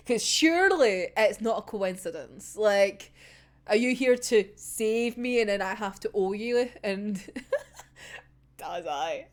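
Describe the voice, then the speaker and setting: A Scottish woman giving a casual, animated chapter recap, swearing freely and laughing often. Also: mid-range voice, slow. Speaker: manga reaction host.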